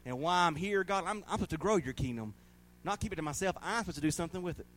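A man's voice: sits high, expressive, rapid-fire. A man, preaching a sermon as pastor, telling folksy stories and laughing often. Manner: folksy storytelling, laughing often, rising to loud bursts.

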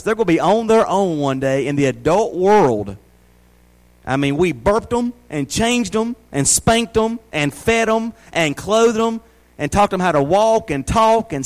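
A man in his forties preaches with a Southern US accent and a noticeably high voice for a man. He talks in a folksy, down-home way and keeps throwing rhetorical questions at his congregation. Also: poor audio. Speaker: pastor. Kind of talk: sermon.

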